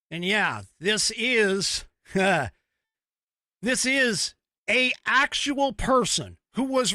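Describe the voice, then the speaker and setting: A fired-up podcast host delivers an angry monologue, ranting and swearing openly. His high-sitting voice is forceful and bright, swinging widely in pitch, and the recording is dry and close with no room echo.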